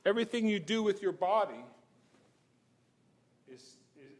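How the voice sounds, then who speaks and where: Animated high-voiced male preacher. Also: a little slow. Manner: animated, chuckling storytelling with emphatic exclamations; shifts between soft and loud passages. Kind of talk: sermon.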